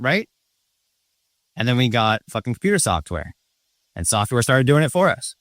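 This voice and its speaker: A man's voice: mid-range voice, sing-song, brisk, fairly bright tone, no echo. Guy ranting hard at his viewers, lots of swearing, sarcastic, dry sound. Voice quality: profane, combative and sarcastic. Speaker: channel host. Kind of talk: ranting monologue.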